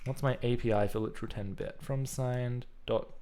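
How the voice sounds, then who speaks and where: A man's voice: medium pitch, fairly even intonation, moderate pace, dark tone. A man talking casually through his code on a live stream, thinking aloud as he types. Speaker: programming livestreamer. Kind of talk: live coding commentary.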